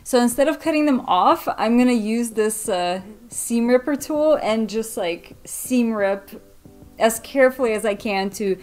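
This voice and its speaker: Woman, casual sewing vlog, rambling filler-heavy chat, self-deprecating, soft music underneath. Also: fairly high pitch, unhurried. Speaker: sewing vlogger. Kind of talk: casual thinking-aloud tutorial.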